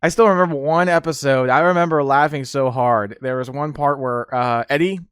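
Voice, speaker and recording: A man's voice: mid-range voice, steady tone, normal speed, fairly bright tone, clean tone, no room sound, clean studio sound. Rambling, laughing podcast host man. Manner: rambling, laughs often, many fillers. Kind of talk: casual chat.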